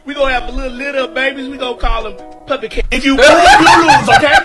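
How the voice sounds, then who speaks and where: A man's voice: extremely high pitch, fast talker, bright, forceful tone, soft background music. A man voicing a brash, streetwise pet dog in a dubbed clip, talking in a swaggering, slangy way. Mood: flirting.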